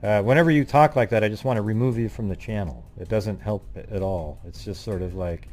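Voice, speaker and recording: A man's voice: on the low side, fairly quick, few pauses, darkish tone, soft background music. A man hosting a livestream in rambling casual chat, irritably scolding his chat and losing his train of thought. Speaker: livestream host.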